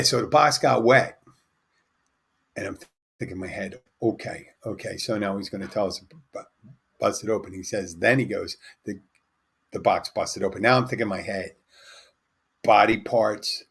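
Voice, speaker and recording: A man's voice: sits low, vocal fry, a bit bright, breathy edge. A man hosting a podcast, casually telling a bar anecdote and acting out the other people's lines. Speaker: podcast host and bartender. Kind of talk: casual storytelling.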